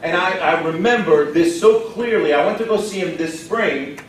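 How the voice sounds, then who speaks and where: A man from Texas giving an energetic motivational training talk to a live audience, often putting questions to the room. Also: fairly high pitch, normal speed, slight background noise. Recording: roomy echo from far off, faint ambience.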